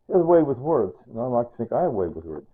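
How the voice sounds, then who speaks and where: A man's voice: mid-range voice, very animated, very fast, slightly rough. An older man talking in a casual personal vlog, rambling and sentimental, often repeating himself. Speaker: vlogger. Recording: tinny phone-like sound.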